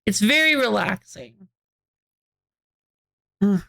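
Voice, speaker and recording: Bright, chatty woman streamer. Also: medium pitch, expressive, slow, vocal fry. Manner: rambling, restarts sentences, giggles often. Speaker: game streamer. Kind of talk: casual live-stream chat, answering chat.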